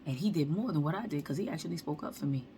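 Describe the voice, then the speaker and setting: A woman vlogger telling a storytime monologue in slangy, animated talk, acting out the quotes. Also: deep voice, rapid-fire, noisy background.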